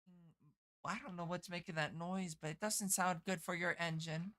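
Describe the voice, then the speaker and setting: A woman's voice: fairly low pitch, fairly even intonation, moderate pace, fairly bright tone. A woman game streamer chatting casually on a live stream, swearing freely and answering her chat.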